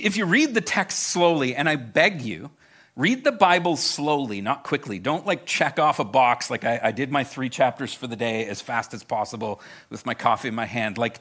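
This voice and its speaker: A man's voice: a little high, pushed and bright. A man preaching a sermon to a live congregation. He talks in a conversational way, speaks to them directly and often repeats words as he starts a thought. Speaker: pastor.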